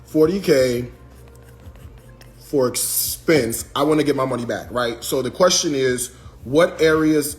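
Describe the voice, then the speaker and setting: A man's voice: medium pitch, measured pace, soft background music. A man livestreaming casually to his viewers, talking through costs and scolding the chat with exasperation, calling them y'all and child. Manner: southern US vernacular, addresses viewers as y'all and child. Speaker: livestream host.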